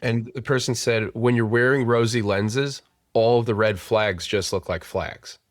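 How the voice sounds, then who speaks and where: A man's voice: mid-range voice, steady tone, a little slow, no echo. Male host, conversational, easygoing, medium voice, dry recording. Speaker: podcast host. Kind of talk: conversational podcast interview.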